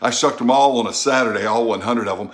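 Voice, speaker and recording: A middle-aged man with a Louisiana Southern accent talks in a folksy, chatty way, as if to friends. His voice sits at an ordinary middle pitch for a man. Now and then he bursts out in animated asides. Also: fast. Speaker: food vlogger. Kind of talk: casual unboxing and tasting vlog.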